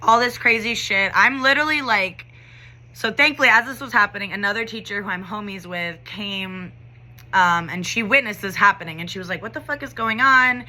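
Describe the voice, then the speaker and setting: A woman's voice: medium pitch, brisk, bright, forceful tone. A young adult woman teacher telling a story in a casual vlog, talking conversationally with lots of "like" and "you know".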